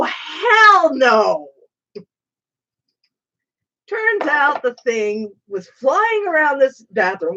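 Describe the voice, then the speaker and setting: A woman hosting a stream, telling a story in a casual, animated way with some swearing. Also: lowish voice, highs cut off. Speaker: streamer host. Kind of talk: casual storytelling while painting.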